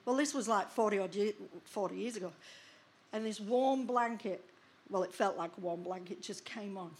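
A woman pastor in her sixties telling a personal testimony in a sermon, with lively storytelling that acts out the scenes. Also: mid-range voice, moderate pace, slight background noise.

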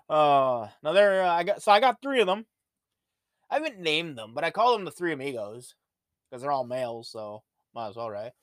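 In a clean studio recording without echo, a Canadian podcast host from Ontario talks in a slightly high, animated voice at a normal speed. It's a relaxed monologue of rambling, profane stories.

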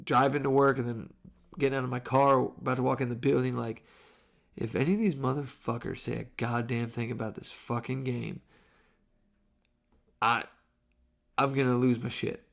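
A man in his thirties hosting a podcast, telling a story in casual, animated, profane style. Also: mid-range voice, moderate pace, gravelly, pauses often. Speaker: podcast host.

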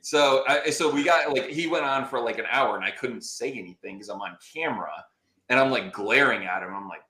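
A man guesting on a podcast, telling a story in animated, exasperated casual chat and swearing freely. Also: medium pitch, brisk, roomy sound.

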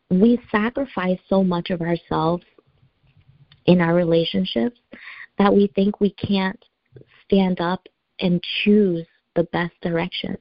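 Young woman, gravelly low voice, earnest, halting, dry lo-fi sound. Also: fairly even intonation, dry recording. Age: young adult. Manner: earnest, emotional, halting with fillers. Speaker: guest. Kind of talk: personal story in an interview. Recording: dull lo-fi sound.

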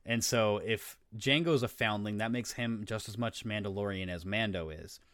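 Lower-voiced man rambling in casual chat. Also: moderate pace, fairly bright tone, smooth, dry recording, studio quality. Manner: rambling, swears casually, explains eagerly. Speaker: podcast co-host.

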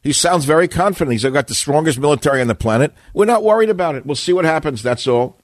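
A man's voice: on the high side, lively intonation, quick pace, no room sound, clean studio sound. An older man hosting a call-in talk radio show, speaking in a combative, opinionated way with rambling asides.

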